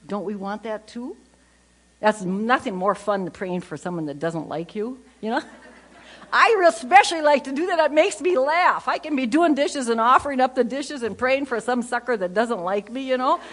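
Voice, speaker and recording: Lively older woman telling funny stories. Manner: animated storyteller, quick jokes, voices her kids and others; bursts loud then drops low. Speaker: conference speaker. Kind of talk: humorous faith talk to an audience.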